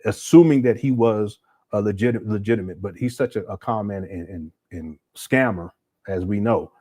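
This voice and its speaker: A man's voice: lowish voice, moderate pace, mellow, breathy edge, no echo. A man hosting a livestream, giving blunt, critical commentary and answering viewer chats, often restarting his sentences. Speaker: host.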